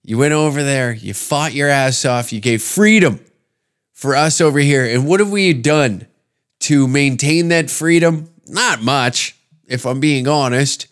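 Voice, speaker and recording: In a medium-pitched voice at a measured pace, a man hosting a podcast rants through a comedic monologue thick with swearing and sarcasm.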